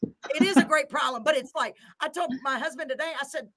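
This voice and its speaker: Lady host gushing away, bright ringing voice, kinda high. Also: quick pace. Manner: effusive, chatty, laughs often. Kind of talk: casual live show chat.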